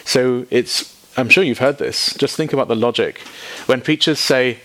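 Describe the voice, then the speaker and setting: A man preaching to a gathered congregation at a middle pitch. He talks informally and with animation, slipping in quick asides and playful jokes as he teaches. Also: bright, forceful tone. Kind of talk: sermon teaching.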